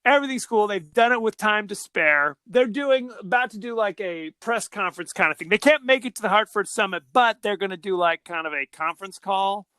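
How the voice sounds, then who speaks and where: Bright-voiced man recapping a movie. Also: high-pitched, fairly quick, few pauses, smooth, no echo. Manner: animated storytelling, acts out characters' lines. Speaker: podcast co-host. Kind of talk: casual movie recap chat.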